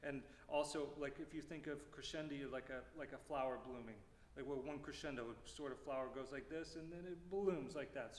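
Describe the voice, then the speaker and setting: A man teaching a music clinic, explaining phrasing and singing rhythms aloud with lively syllables. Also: medium pitch, brisk, hardly any pauses. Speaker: percussion clinician. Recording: roomy hall reverb, faint noise.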